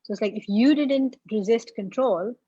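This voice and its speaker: A woman guest in a casual conversation, talking in animated storytelling bursts full of "like", heard over a video call. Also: a little high, moderate pace, breathy edge, no room sound. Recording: dull, dry, lo-fi sound.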